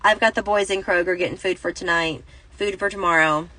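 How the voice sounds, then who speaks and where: A woman's voice: on the low side, fairly even intonation, fairly quick, bright, forceful tone, rough recording. A woman in her thirties telling a rambling, self-correcting story in a casual vlog, recorded on a phone inside a parked car. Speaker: Christian vlogger.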